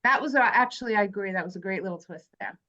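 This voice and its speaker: A woman's voice: mid-range voice, lively intonation, quick pace, sharp tone. A woman hosting a casual movie club chat, reading from her notes and joking with friends. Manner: chatty, jokey, reads from prepared notes. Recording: dull lo-fi sound.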